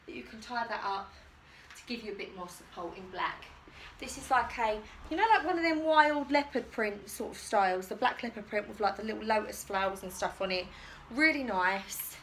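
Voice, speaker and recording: A woman's voice: fairly high pitch, fairly bright tone, distant mic, a little hiss or hum. A woman chatting in a giggly, self-deprecating way while she tries on swimwear for her vlog. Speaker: YouTuber. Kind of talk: chatty try-on haul vlog. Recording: echoey room, voice from across the room.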